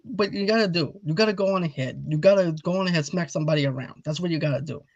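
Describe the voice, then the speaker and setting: A man putting on a bossy, loud Italian-American man who keeps giving orders and repeating himself. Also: a little high, fast, dry recording, natural voice. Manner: pushy, repeats "you gotta go on ahead". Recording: dull lo-fi audio.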